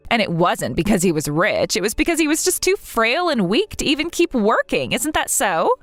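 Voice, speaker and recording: A woman's voice: fairly high pitch, a bit bright, no room sound. A woman voicing a snobbish, cruel sister-in-law in a text-message story, speaking in a sneering, sing-song taunt.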